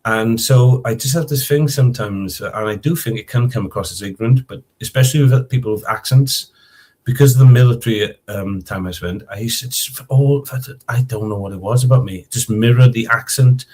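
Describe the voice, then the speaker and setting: A man chatting casually on a video call, telling rambling stories in a soft-spoken way. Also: mid-range voice, fairly quick. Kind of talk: casual chat.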